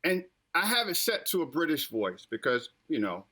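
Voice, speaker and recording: An American man hosts a casual political podcast in a high, bright voice. He repeats himself and lectures the audience directly, like a man giving a sermon. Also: big pitch swings, moderate pace. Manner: preachy, repetitive, addresses listeners directly. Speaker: podcast host.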